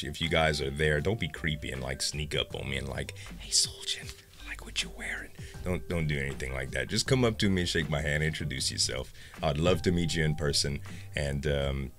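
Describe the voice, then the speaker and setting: A man's voice: a bass voice, a bit bright. A young man, vlogging casually to his viewers in a rambling, upbeat way with lots of fillers. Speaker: gaming YouTuber. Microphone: facecam.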